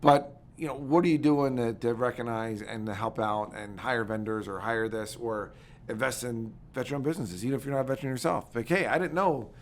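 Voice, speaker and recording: A man, talking as a podcast guest in a quick, animated, filler-heavy way. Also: medium pitch, slight background noise. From United States. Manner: rapid, animated storytelling with many fillers. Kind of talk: casual interview talk.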